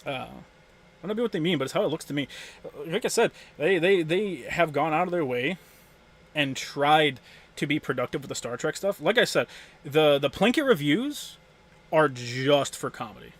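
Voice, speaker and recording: A man with a slightly high, animated voice rants to his chat on a casual livestream, heated and swearing heavily at a normal pace. As he gets worked up, he keeps stumbling and restarting his words.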